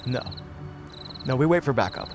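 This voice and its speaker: An actor playing a flat, skeptical police detective in a film drama. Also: male voice, medium pitch, moderate pace, gravelly. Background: film score music.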